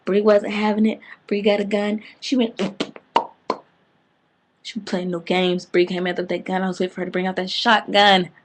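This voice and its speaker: A woman excitedly recapping a TV episode in casual slang, breaking into loud outbursts. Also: mid-range voice, normal speed, background noise. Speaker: TV fan reviewer.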